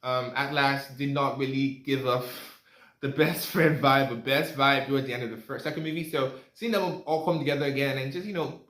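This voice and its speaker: A man's voice: medium pitch, fairly even intonation, moderate pace, a bit bright. Young male reviewer, loose chatty delivery, roomy echo on the voice. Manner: rambling, chatty, lots of fillers and asides. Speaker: movie reviewer. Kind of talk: casual spoken movie review. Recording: echoey room.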